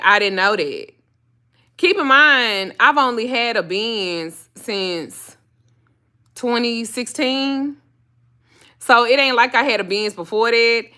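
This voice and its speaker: A middle-aged woman hosting her channel, telling a personal story in a blunt, profane, casual way. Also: sharp tone. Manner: profane and blunt, jumps up high when acting out her own panic.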